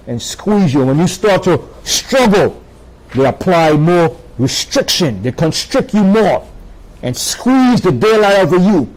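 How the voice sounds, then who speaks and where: A man's voice: a little high, darkish tone, rough recording. A man preaching a sermon, emphatic, with dramatic swings and rhetorical questions to his listeners.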